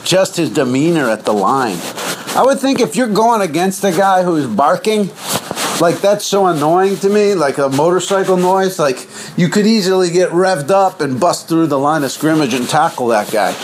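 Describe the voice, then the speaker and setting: A man hosts his own podcast in a loose, rambling monologue, his slightly high voice swooping up and down as he clowns around. His delivery is goofy and offhand. A steady hiss of background noise sits under the recording. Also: moderate pace. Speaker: podcast host.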